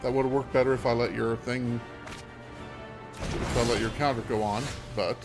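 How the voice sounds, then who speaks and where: A man of ordinary pitch talks through his card game plays, musing aloud and pausing often on ums as he checks things. Clear background music runs steadily behind his voice. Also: fairly even intonation. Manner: thinks aloud, hesitant, many ums. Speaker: streamer playing a digital card game. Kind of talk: casual gameplay commentary.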